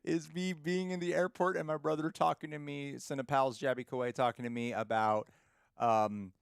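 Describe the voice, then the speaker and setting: A man's voice: fairly high pitch, steady tone, moderate pace, creaky, clean tone, no echo, studio quality. A man co-hosting a casual livestream who reads viewer comments aloud in a laid-back way. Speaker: co-host.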